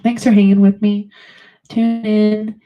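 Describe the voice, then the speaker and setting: A woman's voice: medium pitch, flat delivery, slow, phone-quality sound. A woman in her thirties hosting a casual chat on her stream, her morning voice crackly and congested, rambling and swearing freely. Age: 30s. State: congested from allergies. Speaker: livestream host.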